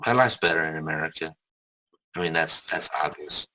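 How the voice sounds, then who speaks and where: A man's voice: very deep voice, brisk, pushed and bright, rough recording. A young adult man, an interview guest, frankly telling personal stories with casual swearing and many restarts. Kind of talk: candid personal storytelling.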